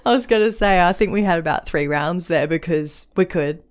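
A woman hosting a podcast, chatting casually and telling lively stories about trips and whiskey. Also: on the low side, a little fast. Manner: chatty, animated storyteller. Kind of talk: casual chat.

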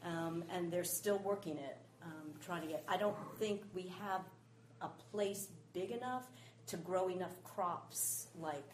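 Woman guest, low voice, patient explainer, roomy sound. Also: unhurried, slight background noise. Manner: explains with many "um"s, steady. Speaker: guest, space horticulture speaker. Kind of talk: casual explanatory chat. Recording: echoey room.

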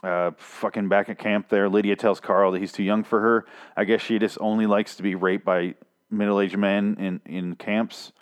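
A man's voice: on the low side, level tone, moderate pace, clean tone. Sarcastic, rambling, crude male host. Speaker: podcast host recapping a comic. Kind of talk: casual profane comic recap.

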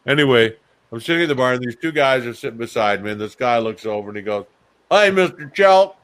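A man's voice: mid-range voice, quick pace. A man telling a casual anecdote, acting out the dialogue and laughing often. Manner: animated storyteller, acts out dialogue in voices, laughs often. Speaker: guest actor.

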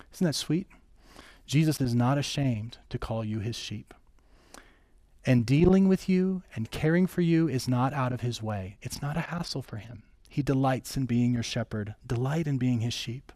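A man preaching a sermon, earnest as he reads a quoted passage aloud, then praying softly. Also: mid-range voice, dry recording, clean studio sound. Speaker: pastor.

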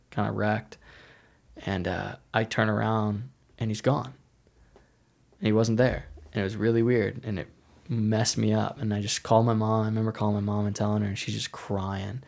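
A man's voice: fairly low pitch, vocal fry. A young man telling a personal faith testimony in a casual, rambling way, full of "like" and restarts. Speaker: speaker sharing a faith testimony.

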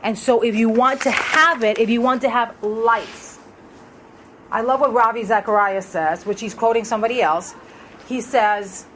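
A woman's voice: fairly high pitch, fairly bright tone, slight background noise, rough recording. A woman leading a Bible study in a conversational way, asking the group questions as she reads through verses. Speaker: Bible teacher.

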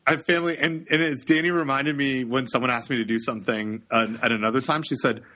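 A man co-hosting a podcast in casual chat, joking and halting with many restarts. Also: mid-range voice, fairly even intonation, bright, forceful tone. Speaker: podcast co-host.

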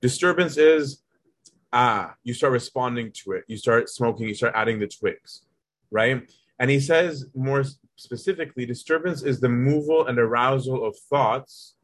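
A man teaching in a relaxed, conversational way, with a voice of middling pitch. He breaks an old text down into everyday examples and keeps asking his listeners whether they follow. The recording is dry and close, with no room sound. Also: normal speed, slightly rough, no echo. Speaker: teacher leading a study of an early Christian text. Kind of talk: casual spoken teaching.

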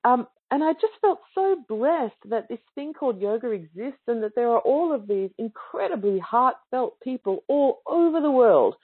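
Husky and fairly high-pitched, a woman's voice swings widely in pitch at a moderate pace with few pauses. She tells yoga teachers an enthusiastic, casual story about a yoga class, acting out others' lines. The webinar audio has a narrow, phone-like sound.

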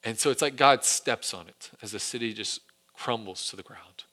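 A male pastor preaching a sermon, retelling a story with animated delivery and acted quotes. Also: on the low side, normal speed.

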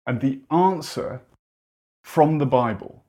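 A man's voice: medium pitch, slow, warm tone. A man preaching a sermon in an earnest, conversational way, with wry asides.

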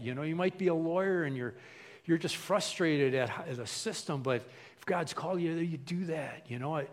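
A man's voice: on the high side, moderate pace, in a large hall. A male pastor preaching a folksy, conversational sermon full of repetition.

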